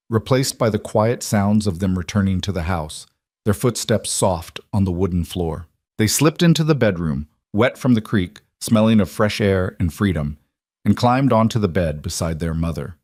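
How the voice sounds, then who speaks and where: A man giving scripted narration of a frontier story in a slow, solemn, measured way. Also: on the low side, lively intonation, a little mellow, dry recording, clean studio sound.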